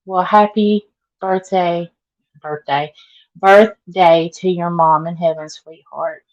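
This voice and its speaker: A woman's voice: lowish voice, fairly even intonation, slow, highs cut off. A middle-aged woman with a Southern accent, chatting casually with live viewers and greeting them by name. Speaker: vlogger.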